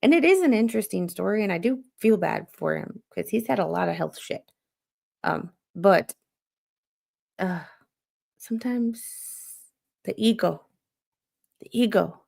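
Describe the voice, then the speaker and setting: A woman's voice: mid-range voice, animated, normal speed, creaky, pauses often, darkish tone. A woman hosting a show, rambling in an unfiltered, exasperated rant and swearing freely. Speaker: podcast host.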